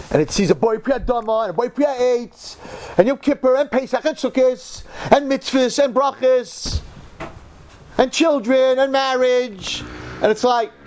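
A man in his sixties from New York delivers a sermon as a story, his voice a little higher than most men's. He swings dramatically between hushed murmurs and loud outbursts. A faint hiss sits under the recording. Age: 60s. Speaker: religious teacher.

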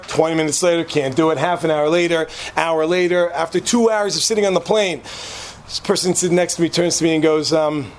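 A man's voice: high-pitched, a little fast. Chatty man telling a funny story. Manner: chatty, joking, addresses the audience with asides. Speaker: speaker telling a story to an audience. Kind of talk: humorous storytelling talk.

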